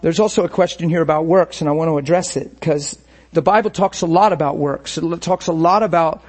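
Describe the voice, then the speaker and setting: A man with a high voice preaches a sermon as a pastor. He talks to the congregation in a loose, storytelling way, acting out his own thoughts with passion and laughing easily. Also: a little fast. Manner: impassioned, storytelling, acts out inner thoughts.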